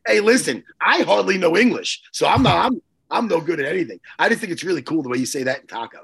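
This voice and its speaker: Gravelly, raspy man joking fast. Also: a little high. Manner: joking, animated. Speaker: co-host. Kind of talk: casual comedic banter.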